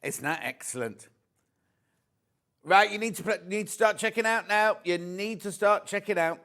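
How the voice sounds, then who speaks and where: A man's voice: sits high, moderate pace, pushed and bright. A middle-aged man presenting live on a shopping channel, chatting and reading out viewer messages.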